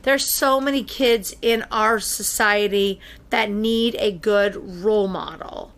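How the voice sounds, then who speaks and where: A woman hosting a casual podcast, chatty with many fillers and quick laughs. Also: mid-range voice, fairly bright tone, a little hiss or hum. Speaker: podcast host.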